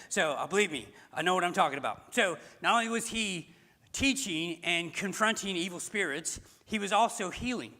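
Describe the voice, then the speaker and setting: A man's voice: high-pitched, sharp tone, long reverb tail. A man preaching a sermon as pastor, emphatic and repeating key phrases while speaking straight to the congregation. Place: church sanctuary.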